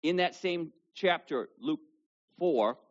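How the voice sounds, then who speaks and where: A man preaching in a fairly high voice, swinging from loud, punchy scripture reading to quiet, low asides. The sound is dull and lo-fi, as from a modest church recording. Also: takes it slowly. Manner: animated, rises loudly for scripture, drops low for asides. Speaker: pastor. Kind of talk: sermon. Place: church service with children present.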